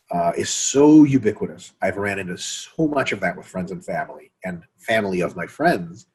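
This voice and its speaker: A man hosting a casual fitness podcast, profane and animated, often acting out other people's voices. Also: medium pitch, husky. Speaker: podcast host.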